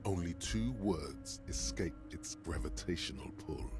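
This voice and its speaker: An ominous inner voice narrating a detective's dread in a video game. Very low and drawn out, he lingers on each phrase with grave, needling mockery. A faint music bed runs beneath. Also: lively intonation. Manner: slow, grave, mocking narration.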